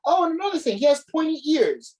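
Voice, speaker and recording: A man's voice: very high voice, sing-song, fast talker, a little mellow, low-quality recording. A man co-hosting a podcast, ranting in casual chat with plenty of profanity and exasperation. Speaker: podcast co-host.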